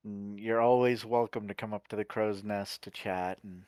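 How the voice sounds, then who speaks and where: A man playing a tabletop game, calmly narrating his character's actions and speaking his lines. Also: lowish voice, normal speed, clean tone, no room sound. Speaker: player.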